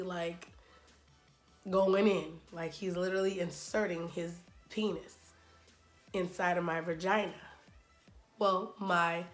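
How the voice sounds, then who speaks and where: A woman's voice: lowish voice, fairly bright tone. Chatty woman telling a candid storytime. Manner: chatty and candid, peppered with fillers like "like" and "literally", dramatizing moments. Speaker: vlogger.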